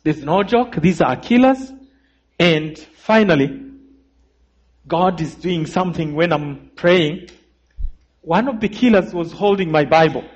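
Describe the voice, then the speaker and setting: A man giving a sermon testimony, telling his story dramatically and calling for amens, his voice dropping low and rising again. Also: animated, a little slow, pauses often, slightly rough. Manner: dramatic storyteller, calls for amens, swings between loud and hushed. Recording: muffled lo-fi recording.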